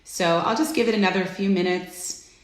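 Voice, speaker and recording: A woman's voice: lowish voice, moderate pace. Chatty woman host in an echoey room. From Florida. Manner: chatty, greets viewers by name with bursts of excitement. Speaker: host of a live stream. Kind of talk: casual live-stream chat.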